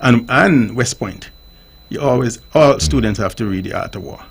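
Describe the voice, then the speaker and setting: A man talks on call-in radio. His voice is gravelly and a bit husky. He makes his points like a teacher and keeps asking whether the listener follows. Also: mid-range voice, lively intonation, normal speed.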